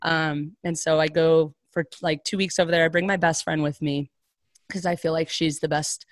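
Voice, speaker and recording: A young adult woman shares a personal story in a relaxed, chatty way, leaning on "like" fillers and briefly acting out the people she quotes. Her voice sits slightly low, and the sound is close and dry with almost no room around it. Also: normal speed, dry recording. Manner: casual, heavy on "like" fillers, animated quoted voices.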